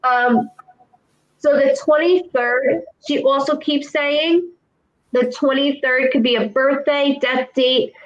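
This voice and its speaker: A woman's voice: high-pitched, fairly even intonation, slow pace, dull audio. A woman clairvoyant giving a psychic reading, talking earnestly and repeating herself as she passes on messages. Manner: earnest, repetitive, relays quotes from the dead.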